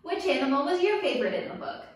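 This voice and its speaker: A woman reads a children's picture book aloud, bright and high in pitch, and she adds playful sound effects as she goes. Her voice sits a little away from the microphone, in a roomy space with a noticeable echo. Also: fast, recorded from a distance. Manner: lively, playful sound effects and call-and-response. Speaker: story time reader. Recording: echoey room, voice a bit off-mic.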